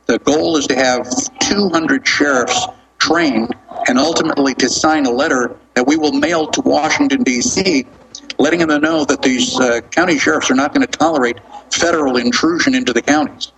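A man speaking as a guest on a radio show, explaining in a measured way. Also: mid-range voice, fairly bright tone, a little hiss or hum, rough recording.

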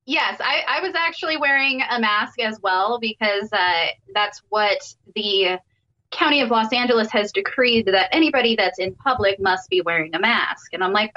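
A woman's voice: mid-range voice, moderate pace, pushed and bright. A woman, a business owner, speaking as a guest and telling her story in an upset, hesitant way with many fillers. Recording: dull lo-fi line.

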